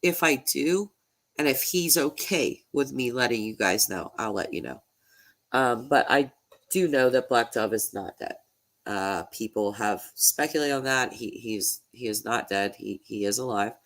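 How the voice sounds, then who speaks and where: A woman's voice: extremely low pitch, animated. Emotional woman on the edge of tears. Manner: halting, repeats words, laughs nervously. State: emotional, near tears and nasal. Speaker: true crime YouTuber. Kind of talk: casual livestream chat.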